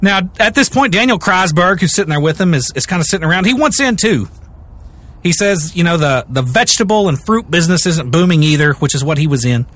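A young man retells a true crime story on a podcast. He talks casually and often restarts his sentences. His tone is bright and sharp, his pitch swings widely, and he sits a little higher than most men. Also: brisk. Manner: animated, rambling, jokey, with many restarts.

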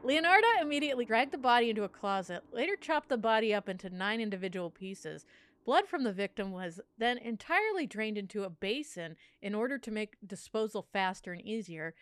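A woman's voice: medium pitch, lively intonation, fairly quick, clean tone. A woman co-hosting a podcast, chatting and telling a true crime story in a loose, giggly way full of "like.". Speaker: podcast co-host.

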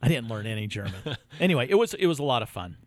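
A man of middle pitch co-hosts a podcast and tells a story with lively energy, jumping into the voices of the people he met. The sound is dry and close, with no room around it. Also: very fast, dry recording. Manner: animated, laughing storyteller who acts out quotes. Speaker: podcast co-host. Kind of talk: casual storytelling chat.

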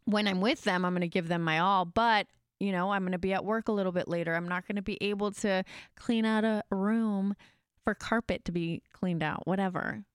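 Woman, podcast host, candid casual chat, chatty storyteller, smooth clear voice, dry close mic. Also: medium pitch, fairly even intonation, a little fast, no room sound. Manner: open, chatty storyteller with many fillers. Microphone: podcast microphone.

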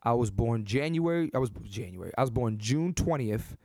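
A man in his thirties hosting a comedic solo podcast, brash and animated, with lots of restarts and repetition. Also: medium pitch, normal speed, no echo, clean studio sound. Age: 30s. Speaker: podcast host.

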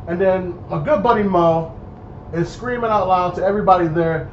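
Brief: young man, casual storyteller, higher voice, dull echoey noisy recording. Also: fairly quick. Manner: animated, acts out voices in his story. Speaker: storyteller guest. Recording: echoey dull room with noise.

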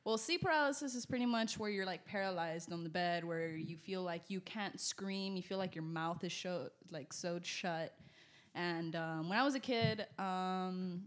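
A young woman telling a personal story in casual, animated speech with many fillers, on a close podcast mic. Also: on the low side, moderate pace. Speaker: guest. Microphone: podcast mic close to mouth.

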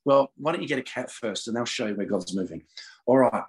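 A middle-aged man talking as a podcast guest, his voice pitched in the middle range. He moves between casual spiritual talk and fervent prayer, laughing often and repeating words in his excitement. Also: fairly quick, poor audio.

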